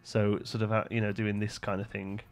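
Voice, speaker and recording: A man's voice: fairly low pitch, completely flat delivery, brisk. Chatty male game streamer thinking aloud. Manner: thinks aloud, answers chat, frequent fillers. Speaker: live-streamer building in a park-building game. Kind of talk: casual live-stream commentary.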